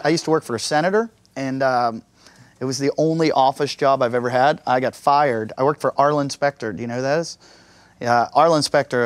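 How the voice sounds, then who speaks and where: A man's voice: mid-range voice, no room sound. A man doing a stand-up comedy set, telling crude stories in a conversational way and acting out the voices of the people in them. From United States.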